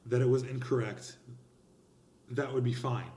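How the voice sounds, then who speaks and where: Male speech instructor, mid pitch, emphatic and expressive, recorded in a roomy space. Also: unhurried. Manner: emphatic and expressive, lively gestures. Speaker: college instructor. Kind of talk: recorded lecture on speech grading.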